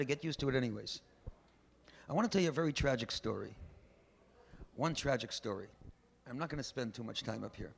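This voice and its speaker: A man's voice: mid-range voice, animated, a little fast, vocal fry, pauses often, slightly rough. A man preaching as a rabbi, telling a story and pushing his points with emphatic, preachy bursts. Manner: emphatic, preachy, builds to loud exhortations. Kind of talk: sermon with storytelling. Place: large synagogue hall. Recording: faint background noise, archival event recording.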